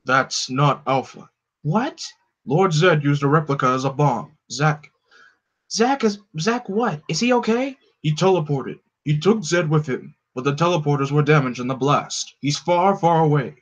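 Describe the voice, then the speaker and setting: A man voicing a wise, ancient male mentor being, giving slow, solemn commands. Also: a little high, muffled recording. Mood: grave.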